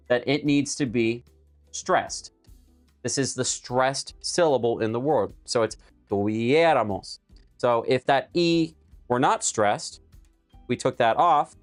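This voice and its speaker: A young man teaching a live Spanish lesson, explaining verb forms step by step while writing on a board. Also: mid-range voice. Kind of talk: live-streamed language lesson.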